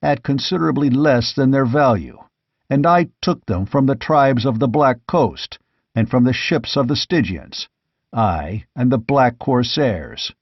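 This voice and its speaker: A man playing a gruff barbarian king. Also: mid-range voice, animated, unhurried, dry recording. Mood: blunt, mocking. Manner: blunt, gruff, grimly amused. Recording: dull, dry lo-fi audiobook recording.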